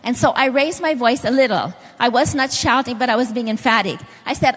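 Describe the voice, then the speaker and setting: A woman's voice: fairly high pitch, fairly quick, fairly bright tone, slightly rough. Middle-aged woman preaching in a reverberant hall. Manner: storytelling, directly addressing the audience. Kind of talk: sermon to a congregation.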